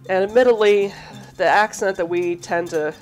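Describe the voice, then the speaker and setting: A woman's voice: medium pitch, moderate pace, soft background music. A woman hosting a cooking demo, chatting casually with rambling asides while she cooks, her accent a light Southern lilt mixed with Midwestern. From southern United States. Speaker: cooking show host.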